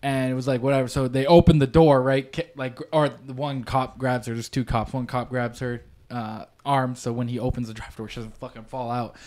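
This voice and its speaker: A man's voice: medium pitch, little pitch movement, fairly quick, few pauses, a little mellow. A young man chatting casually on a podcast, telling a rambling, profane story and acting out the people in it. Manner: rambling, swears often, acts out quotes. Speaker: podcast co-host.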